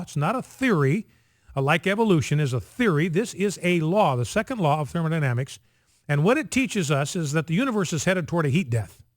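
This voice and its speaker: A man talking on the radio in an emphatic, insistent way, repeating his key points again and again. His voice sits high and swings widely in pitch. The studio sound is dry and close. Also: no room sound. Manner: emphatic, repetitive, insistent, drills points by repetition. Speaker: radio host. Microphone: studio microphone.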